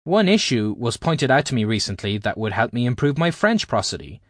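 Male author-narrator, audiobook read, explanatory and measured, very animated pitch, dry close sound. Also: dry recording. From Ireland. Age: adult, at least 20s. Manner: explanatory, carefully paced teaching delivery. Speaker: author reading his own book.

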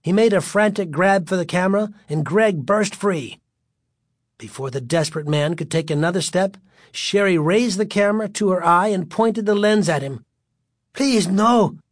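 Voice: medium pitch, no room sound, studio quality. An audiobook narrator reading a spooky children's story in a vivid, suspenseful way.

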